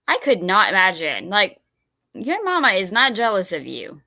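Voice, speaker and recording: A woman's voice: medium pitch, sing-song, normal speed, bright, forceful tone, no echo. A woman hosting a live stream, reacting to videos with incredulous, chatty asides to her viewers.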